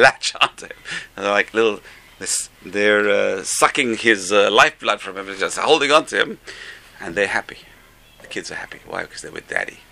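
Gravelly, sharp-toned male rabbi teaching. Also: mid-range voice. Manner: animated, exclamatory, swings from soft asides to loud emphasis. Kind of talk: Torah class lecture.

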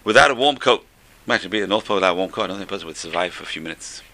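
A man's voice: deep voice, animated, racing, bright, forceful tone. A man who seems to be a rabbi, giving an informal religious talk full of stories. He is chatty, repeats his phrases and chuckles between points.

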